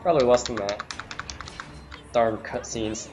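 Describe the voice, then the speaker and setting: A man's voice: medium pitch, a little slow, background noise. A man streaming a video game, chatting casually and commenting on his play. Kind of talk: casual chat while gaming.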